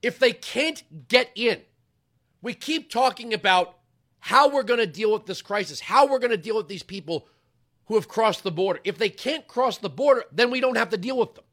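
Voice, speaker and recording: A male talk show host giving an impassioned political commentary monologue, talking emphatically and rising at times into yelling. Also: sits high, lively intonation, moderate pace.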